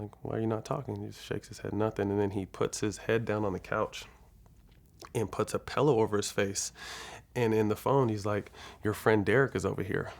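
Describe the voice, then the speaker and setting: Gravelly low-voiced man telling a story. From California. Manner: casual, profane, laid-back storytelling with fillers. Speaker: interview guest, former basketball player. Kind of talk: candid storytelling interview.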